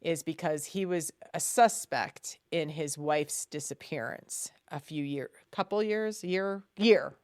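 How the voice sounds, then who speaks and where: A woman co-hosting a casual chat, recapping a TV series in an animated, chatty way. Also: deep voice, takes it slowly, hardly any pauses, no room sound, clean studio sound. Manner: chatty and animated, breaks into loud exasperated quoted outbursts. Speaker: podcast co-host.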